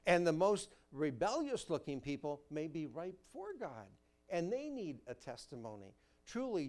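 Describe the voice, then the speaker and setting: A man delivers a sermon from the pulpit. His voice sits a touch higher than most men's, and he rises into emphatic peaks before dropping to near-hushed lines. He reads scripture in a measured preaching cadence. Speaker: pastor.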